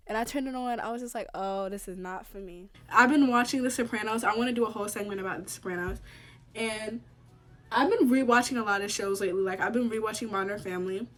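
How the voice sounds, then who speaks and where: A young American vlogger chats casually to camera about what she has been watching, speaking emphatically and repeating herself. Her voice is mid-range and her pace is quick.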